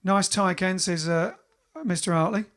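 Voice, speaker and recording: A man's voice: high voice, steady tone, moderate pace, a bit bright. A man from England hosting a live stream, chatting casually and reading out viewer comments with jokes. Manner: chatty, jokey, reads comments aloud.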